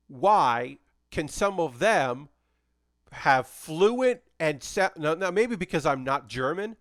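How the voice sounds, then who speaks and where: A man's voice: fairly high pitch, dry recording, studio quality. Chatty man streaming a model-kit build. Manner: rambling, animated, frequent fillers and restarts. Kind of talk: casual live-stream chat.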